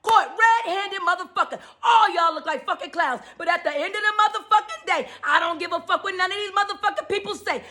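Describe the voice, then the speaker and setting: A woman delivering a fiery, profanity-laced spiritual rant, preaching and often shouting. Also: extremely high pitch, fairly quick, few pauses. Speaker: spiritual speaker.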